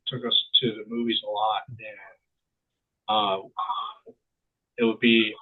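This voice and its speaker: A man with a husky, mid-pitched voice chats about films in a halting way, restarting his sentences. He sounds like he is on a thin, phone-like line. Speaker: podcast co-host. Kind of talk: casual film chat.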